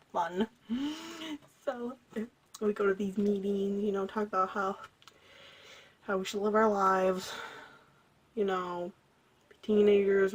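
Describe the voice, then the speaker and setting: A young woman from Michigan casually telling embarrassing stories to camera, giggling, rambling, and slipping between whispers and loud bursts. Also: medium pitch. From Michigan, USA. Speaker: vlogger.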